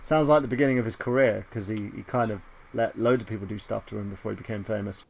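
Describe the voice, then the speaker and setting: A man's voice: fairly low pitch, steady tone, fast talker, creaky. A man hosting a casual podcast chat, crude and joking, often mimicking voices. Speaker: podcast host. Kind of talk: casual chat about movies and games.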